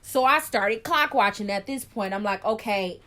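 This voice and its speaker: A young woman telling a personal story in a casual vlog, chatty and animated, acting out scenes with gasps. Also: medium pitch, moderate pace. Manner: chatty, frequent "like" fillers. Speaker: vlogger.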